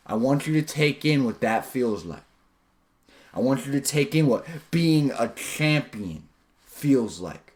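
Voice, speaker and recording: A man in a mid-range voice gives an animated motivational talk, steering his pitch up and down to keep listeners hooked. He talks casually and with slang, walking them through guided imagery exercises. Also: measured pace. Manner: animated, swings pitch up and down for emphasis. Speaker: self-improvement video host.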